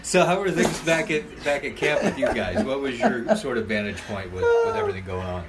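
Lively man asking questions, laughing. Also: a little high, brisk, over a noisy crowd. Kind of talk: casual chat.

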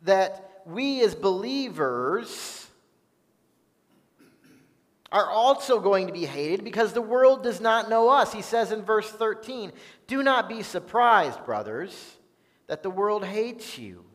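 Reading scripture earnestly, a high-voiced pastor delivers his sermon at a slow, deliberate pace with a sing-song lilt. The long reverb of a church hall rings around his words.

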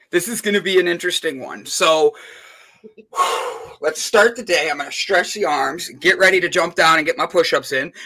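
A man hosts a loose on-air chat, full of jokes and self-interrupting restarts. His voice sits a little high and sounds bright and forward. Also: breathy edge. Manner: playful, joking, rambling with restarts. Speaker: host.

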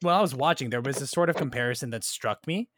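A man's voice: mid-range voice, fast talker, a bit bright, a little hiss or hum. A man hosting a casual film discussion podcast, thoughtful and checking in often with "right?" and "like". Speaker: podcast host.

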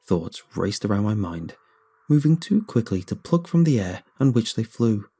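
A man narrating a horror story in a steady, measured way. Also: fairly low pitch, breathy edge. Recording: faint background music.

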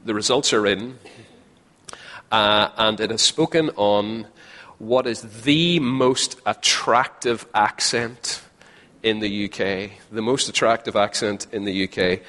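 A man's voice: lowish voice, slow pace, bright, forceful tone. A man with a Northern Irish accent preaching a sermon to a live audience, chatty and joking, often repeating his phrases. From Northern Ireland. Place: large hall with a live audience. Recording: long hall reverb.

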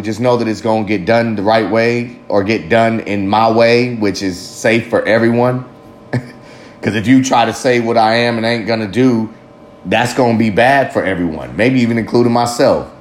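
A man with a lowish voice talks candidly to the camera, rambling through a self-reflective monologue, swearing freely and often laughing at himself. The recording has a roomy echo, faint ambience and slight background noise.

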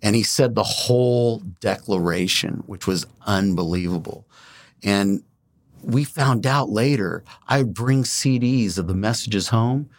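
A man's voice: on the low side, measured pace. A man telling his personal faith story as a guest in a studio interview, earnest and emphatic. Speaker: guest, non-profit founder. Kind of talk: personal testimony in conversation.

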